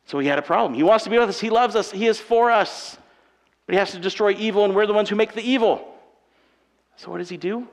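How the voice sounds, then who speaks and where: Young male pastor with a high, gravelly voice, chatty and emphatic, in a reverberant sanctuary. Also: quick pace. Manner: conversational, swings from quiet to emphatic. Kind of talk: sermon. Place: church sanctuary. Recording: long reverb of a large hall.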